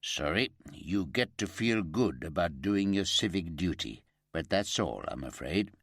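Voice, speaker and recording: A man voicing an earnest male detective sergeant who speaks in a measured, polite way. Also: low voice, lively intonation, fairly bright tone, heavily acted. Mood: businesslike. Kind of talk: audiobook character voice.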